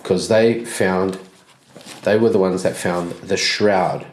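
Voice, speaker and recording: Slow low-voiced man narrating a game. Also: steady tone. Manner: slow, loose storytelling with restarts. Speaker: game master. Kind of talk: narrating a solo tabletop game. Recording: roomy echo.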